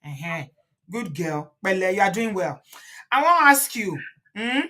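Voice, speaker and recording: A Nigerian woman hosting a phone interview, speaking in a calm, soothing manner. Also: mid-range voice, unhurried. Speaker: host.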